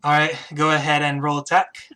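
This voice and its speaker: A game master narrates a tabletop game in a bright, sharp voice. The telling is casual and hesitant, full of fillers and restarts. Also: medium pitch, level tone, a little fast. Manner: hesitant narration with many "uh" and "kind of".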